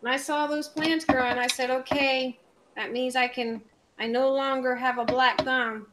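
Chatty higher-voiced woman from Puerto Rico. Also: little pitch movement, moderate pace, very noisy. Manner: chatty, rambling, talks to viewers by name. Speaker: craft channel host. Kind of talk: casual live craft chat.

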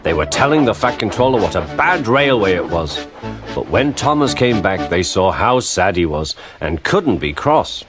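Male reader for a kids' storybook, lively expressive intonation, music bed underneath. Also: fairly low pitch, moderate pace. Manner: expressive, animated. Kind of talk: storybook read-aloud narration. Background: background music.

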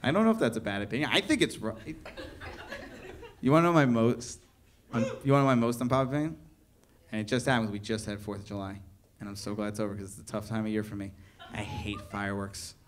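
A man's voice: on the low side, quick pace, noisy background. A young man performing a stand-up comedy set, ranting in mock outrage to a live crowd. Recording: live venue with audible audience laughter. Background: audience laughter.

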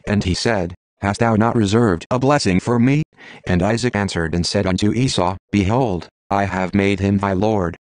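A synthetic male text-to-speech voice reading scripture in an even, measured way. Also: fairly low pitch, no echo. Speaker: Bible reader.

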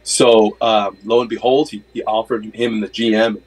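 A man's voice: fairly low pitch, flat delivery, normal speed, breathy edge, poor audio. A man in his thirties, a basketball coach, telling his story in a casual interview, earnest and full of faith, with many fillers. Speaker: NBA player development coach, guest.

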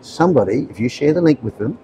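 A man's voice: medium pitch, animated, fast, warm tone, slight background noise, poor audio. An Australian man in his seventies preaching to young people on a street, earnest and chatty, checking in often with "right?" and "okay?". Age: 70s. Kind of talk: street evangelism to passers-by. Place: outdoors on a street.

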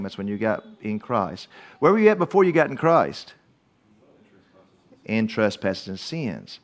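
A man preaching a verse-by-verse Bible study in a church, emphatic and repetitive, not from Australia. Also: medium pitch. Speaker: pastor.

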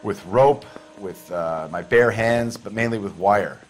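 An actor playing a weary male mechanic suspected of murder, speaking deep and flat in a video game interrogation. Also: measured pace, soft background music, natural voice. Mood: sullen.

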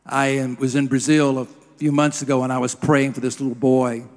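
A middle-aged man preaching a sermon, telling personal stories earnestly and sinking to a hushed voice at tender moments. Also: medium pitch, little pitch movement, fairly quick. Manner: earnest storytelling, drops to a hush at emotional moments. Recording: long hall reverb.

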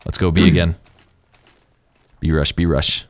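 A man's voice: deep voice, a little fast. A man commentating his gameplay casually, exclaiming and yelping whenever things happen. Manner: excitable, yelps and exclaims during play. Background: game gunfire.

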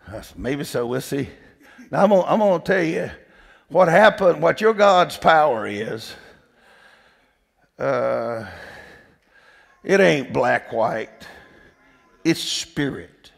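Gravelly preacher in a reverberant hall. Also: male voice, fairly high pitch, animated, slow pace, long pauses. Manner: folksy, emphatic, repeats "did you hear me". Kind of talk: storytelling sermon. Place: church sanctuary.

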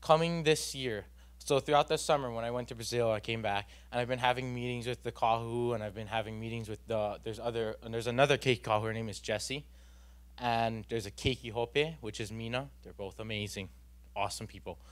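A man's voice: mid-range voice, fairly even intonation, fairly quick. A young man, giving an earnest, rambling personal testimony at a church youth gathering, full of fillers and restarts.

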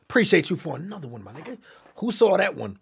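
Young streamer dude, super animated, gravelly husky voice, yells at chat a lot. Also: male voice, on the high side, quick pace, very noisy. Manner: loud, excitable, often yelling at chat. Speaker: streamer reacting to a video. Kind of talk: casual live-stream reaction.

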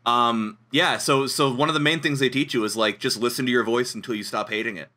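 A man's voice: medium pitch, a little fast, bright, forceful tone. A man from small-town Ontario, a comedian guest on a casual podcast, talking in a blunt, loose way with plenty of swearing. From small-town Ontario, Canada.

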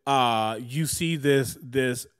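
A man's voice: mid-range voice, extremely slow, smooth. A man running a tabletop game as game master, narrating casually with many fillers.

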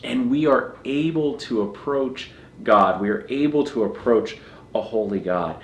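A man's voice: mid-range voice, animated, a little slow, roomy sound, slight background noise. A man preaching a sermon as pastor, earnest, often repeating phrases as he builds a point.

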